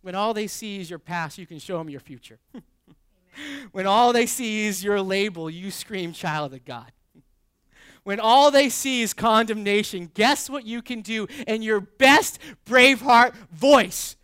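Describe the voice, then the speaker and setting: A male pastor preaching a sermon, swinging from hushed, earnest stretches to loud, animated shouting. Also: sits high, measured pace, clean tone, no echo, studio quality. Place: church sanctuary.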